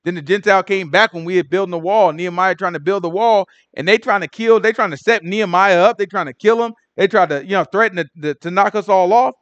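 A man teaching a Bible study in a casual, animated way, acting out the people in the story in everyday slang. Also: sits high, fast talker, hardly any pauses, dry recording. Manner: animated storytelling, acts out characters in street slang.

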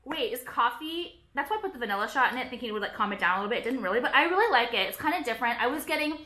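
A woman's voice: fairly high pitch, lively intonation, sharp tone. A woman vlogging at home, chatting to camera in a dramatic, profane rant full of "like". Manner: fast, profane, dramatic rants with constant "like". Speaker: beauty vlogger. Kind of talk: casual chat to camera.

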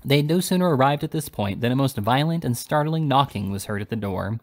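Gravelly-voiced man reading a classic novel. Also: mid-range voice, animated, a little fast. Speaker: audiobook reader.

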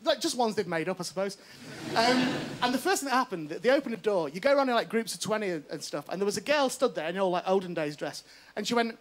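A man's voice: sits high, sing-song, fast. A male comedian telling a stand-up story before a live studio audience, acting out the voices of the people in it. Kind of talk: stand-up anecdote. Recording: TV studio with loud audience laughter.

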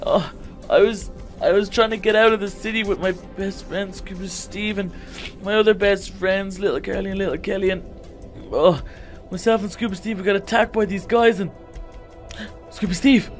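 A man plays a nervous young shark hero in a Minecraft role-play, with a high, boyish voice that keeps rambling and stammering. Soft music hums behind him. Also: fairly even intonation, normal speed, natural voice. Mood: flustered rambling. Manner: panicky, rambling, yelps and stammers when scared. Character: anxious, talkative young male shark hero.

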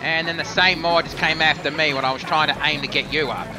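A man's voice: on the high side, steady tone, fast, over music. A man playing along on a game stream, joking dryly and swearing casually. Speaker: co-player on stream.

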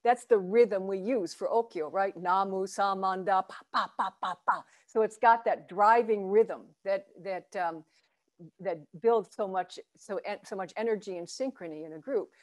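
A woman's voice: moderate pace, darkish tone. A woman teaching a Zen chanting workshop over a video call, guiding students with encouragement and light laughter. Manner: demonstrates chants and low vowel sounds from the belly.

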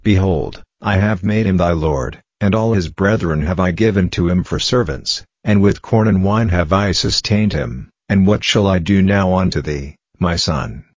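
A man's voice: low voice, moderate pace, few pauses, a little mellow, no room sound. A man reading the lines of an aged blind father giving solemn blessings, grave and formal. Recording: dull lo-fi, dry.

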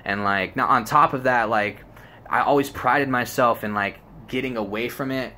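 A man's voice: medium pitch, normal speed, sharp tone. A young man telling a personal story in a rambling, casual way, full of fillers and swearing. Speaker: vlogger.

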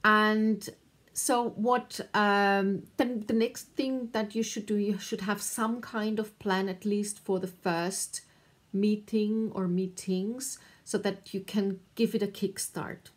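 A woman giving thoughtful, encouraging advice to camera, pausing often with fillers. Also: medium pitch, fairly even intonation. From Austria. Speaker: artist and video creator.

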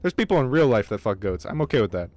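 A man streaming a game live, with casual, excitable commentary, lots of swearing and remarks aimed at his chat. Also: mid-range voice, quick pace. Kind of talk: casual livestream gaming commentary.

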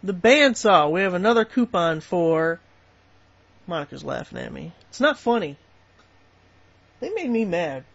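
A man's voice: sits high, sing-song, measured pace, vocal fry, pauses often, fairly bright tone, muffled recording. A man hosting a tool deals channel, talking casually and bluntly with plenty of swearing as he goes through coupons. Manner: blunt, profane, easily riled. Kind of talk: casual vlog rant and coupon rundown.

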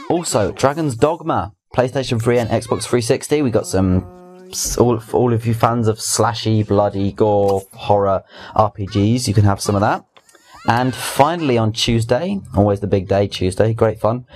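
A man's voice: fairly low pitch, a little mellow. A young man hosting a casual weekly gaming news roundup, chatty and rambling, with restarts and asides. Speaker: gaming video host.

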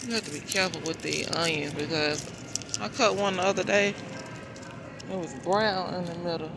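Woman vlogger, gravelly voice, chatty and price-conscious, phone recording with loud store noise behind her. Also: lowish voice, fairly even intonation, normal speed. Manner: chatty, thinks aloud about prices. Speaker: shopping vlogger. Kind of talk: casual chat to viewers while shopping. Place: large supermarket, indoors. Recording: noisy store background.

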